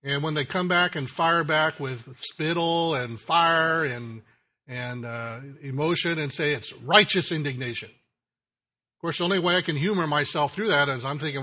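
Telling a joke story in his sermon, a man who is a pastor speaks with slow deliberation, letting the ends of his phrases fall low and soft.

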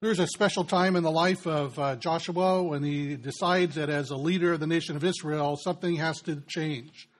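A man preaching a sermon on a Bible passage, talking earnestly and lifting his voice with excitement when he voices the Bible's figures. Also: on the high side, moderate pace, hardly any pauses. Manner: earnest, builds with rising excitement in quoted passages.

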